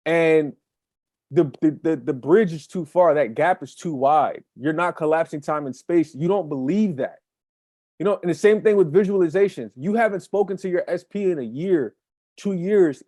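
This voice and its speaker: A man's voice: on the high side, warm tone, no echo, clean studio sound. A man co-hosting a casual chat as a manifestation coach, speaking emphatically and repeating key phrases for effect.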